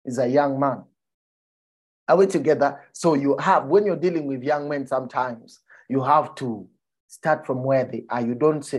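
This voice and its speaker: A man preaching a sermon, often asking his listeners whether they follow him and dropping to a soft, low voice for emphasis. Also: normal speed, breathy edge. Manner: animated, checks in with the listeners.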